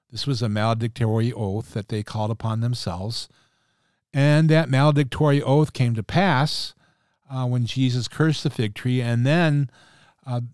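Guy pastor doing a podcast sermon, mid-pitched voice, dry close mic, slow and explaining. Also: a little mellow, dry recording. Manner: measured, explanatory, quotes scripture at length.

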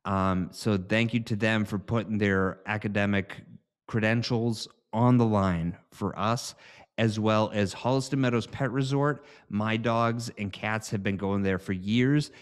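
A man's voice: lowish voice, unhurried, smooth. A man hosting a podcast, reading sponsor spots in a loose, giggly, rambling way. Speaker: podcast host. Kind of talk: casual sponsor read.

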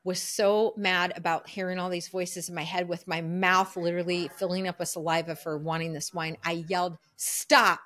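A middle-aged woman, a coach, telling a personal story as a podcast guest in an earnest, lively way. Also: lowish voice, a little fast, few pauses. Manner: lively, earnest storyteller who acts out her own inner voice.

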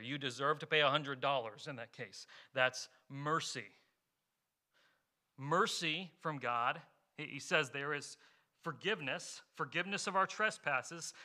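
A man's voice: on the high side, sharp tone. A man pastor preaching a sermon in an earnest way, asking rhetorical questions and explaining with homely examples.

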